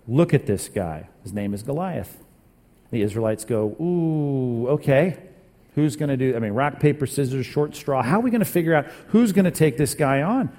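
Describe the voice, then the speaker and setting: A man preaching in a church sanctuary, telling the story with animated, acted-out voices and quick asides. His voice sits at a middling pitch and carries a long hall reverb. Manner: animated storytelling, acting out dialogue. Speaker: pastor. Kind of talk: sermon.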